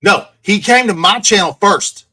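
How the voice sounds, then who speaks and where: A man's voice: sits high, expressive, normal speed, bright, forceful tone, husky. A man in casual voice-call chat, telling rambling, profane stories.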